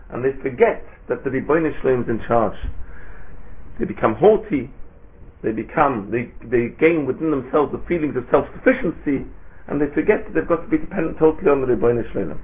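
A man giving a Torah sermon, asking rhetorical questions and chanting Hebrew phrases in a lilting way. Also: on the high side. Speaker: rabbi giving a Torah talk. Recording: tinny phone-like recording.

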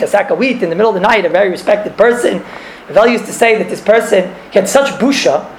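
Speaking in a high voice, a man teaches a religious class, working through a text and sharing stories while weaving in Hebrew and Yiddish terms and repeating himself. The room echoes, and there's slight background noise.

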